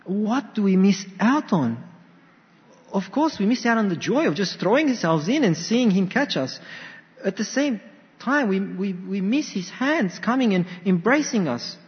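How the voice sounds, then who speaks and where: A man's voice: high voice, a little slow. A man preaching a sermon, telling stories and acting out quotes with animation. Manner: animated storytelling with acted quotes. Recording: dull sound with long hall reverb.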